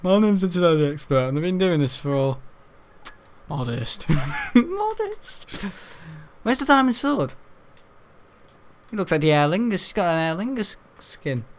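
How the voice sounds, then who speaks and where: A young man giving crude, excitable gaming commentary, often laughing. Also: fairly high pitch, normal speed, slight background noise. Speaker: gaming channel host.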